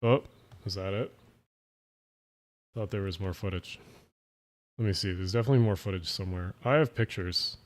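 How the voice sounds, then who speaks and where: Pausing often at a moderate pace, a low-voiced man with a New Jersey/Philadelphia accent rambles through a relaxed late-night stream. He thinks out loud, blurs his words together and swears offhandedly.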